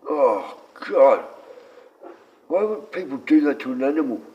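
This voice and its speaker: A man who sounds sick, rambling and swearing on a live stream, his voice often sinking low and quiet. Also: big pitch swings, a little slow. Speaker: livestreamer. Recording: dull lo-fi stream audio.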